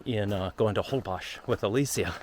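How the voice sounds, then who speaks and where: Lower-voiced man, emotional and candid, outdoor vlog on a phone, faint background noise. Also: normal speed. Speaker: vlogger on a long walk. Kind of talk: casual travel vlog talk. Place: outdoors on a walking trail.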